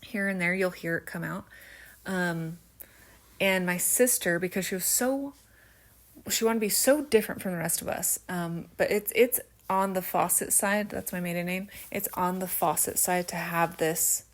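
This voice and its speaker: Brief: woman vlogger, lowish voice, loose rambling chat, slight stutter, hint of country twang. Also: fairly even intonation, moderate pace. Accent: slight rural American twang at times. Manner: chatty, rambling, many fillers and tangents. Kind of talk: casual storytelling while crafting.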